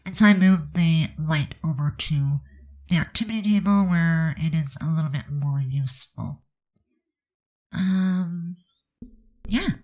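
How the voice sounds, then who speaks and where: Low-voiced congested woman, chatty. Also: measured pace, pauses often, a little mellow, low-quality recording. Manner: chatty, rambling, many fillers. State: stuffed up, congested. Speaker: game build narrator. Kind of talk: casual voice-over commentary.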